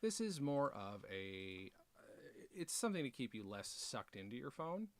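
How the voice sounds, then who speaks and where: A man's voice: mid-range voice, very animated, a little slow, no room sound. A man hosting a casual unboxing vlog, rambling with self-deprecating jokes and chatty asides. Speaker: author and video host.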